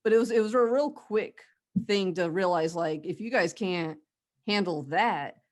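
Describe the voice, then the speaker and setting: A woman's voice: lowish voice, unhurried, a little mellow. Blunt, profane woman guest. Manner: blunt, profane, laughs often. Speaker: podcast guest, army veteran. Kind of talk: casual chat.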